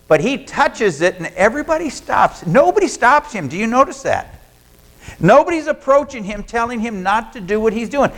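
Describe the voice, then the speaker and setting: A man's voice: extremely high pitch, sing-song, moderate pace, fairly bright tone, low-quality recording. A male pastor, preaching a sermon in a folksy storytelling way and acting out what people in the story say. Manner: folksy storytelling, acts out quoted lines.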